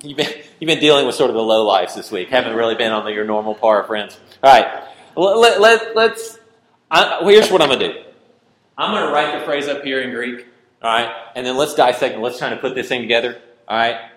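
A man preaching in an echoing room, his mid-range voice bouncing off the walls. He moves between quiet earnest pleading and sudden loud, playful bursts, acting out small scenes and quizzing the crowd. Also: medium pitch, fairly quick. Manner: animated, acts out little scenes, asks the room questions. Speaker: pastor. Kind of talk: sermon with Bible teaching. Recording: roomy echo.

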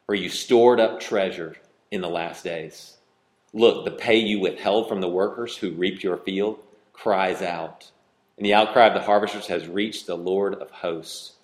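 A male pastor delivers a sermon with a fairly low voice, reading scripture and pressing his points with growing force. The sound carries a roomy echo, as if from a church hall. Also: steady tone, measured pace. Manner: preaching with rising intensity, reading scripture aloud.

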